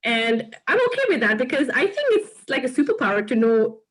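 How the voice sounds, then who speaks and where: A woman's voice: on the high side, big pitch swings, a little fast, breathy edge, rough recording. A woman from India with an Indian accent and Urdu as her first language, a former English lecturer speaking frankly in a casual chat. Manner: articulate and frank, quotes others. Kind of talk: casual video-call chat.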